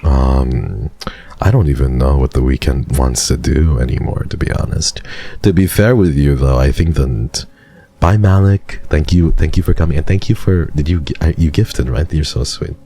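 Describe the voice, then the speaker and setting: Very deep-voiced chatty young man. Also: dark tone, husky. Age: 20s. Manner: rambling, chatty, quick restarts. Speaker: streamer. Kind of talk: casual chat with live chat.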